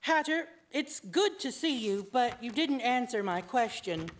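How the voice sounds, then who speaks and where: A woman's voice: fairly high pitch, expressive, unhurried, a little hiss or hum. A woman voicing a determined young woman who speaks insistently and impatiently. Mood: exasperated.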